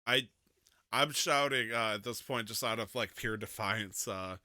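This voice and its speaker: Bright, clear-voiced man playing a tabletop game. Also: on the low side, a little slow, dry recording, studio quality. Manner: playful, laughing, shouts in-character lines. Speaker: player.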